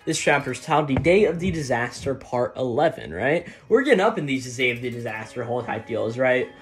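A man's voice: mid-range voice, animated, brisk, faint music behind. Rambling male manga reviewer, "right?" tags. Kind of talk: casual chapter-by-chapter review.

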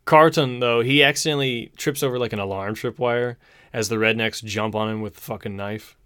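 A young podcast host on a casual talk show excitedly and profanely recaps a movie plot, saying "dude" a lot. His medium-pitched voice is fairly quick, clear and resonant, recorded in studio quality with no echo.

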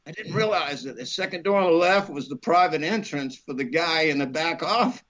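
A man, an actor guest, telling a lively anecdote, acting out voices and laughing often. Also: a little high, a little fast, highs cut off. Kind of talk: animated storytelling.

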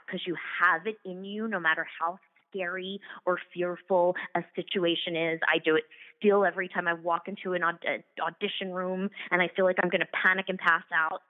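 Brief: forties woman guest, effusive and rambling, lowish voice, heard over a thin phone-like line. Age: 40s. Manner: effusive, rambling, many fillers. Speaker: acting coach and actress guest. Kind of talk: casual interview chat. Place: remote call from home office.

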